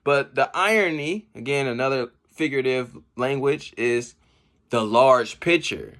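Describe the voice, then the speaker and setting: A man giving casual, slangy commentary on rap battle bars. He reacts with laughs and shouts as he explains each line. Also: medium pitch, a little slow. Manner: slangy street talk. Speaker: battle rap breakdown host.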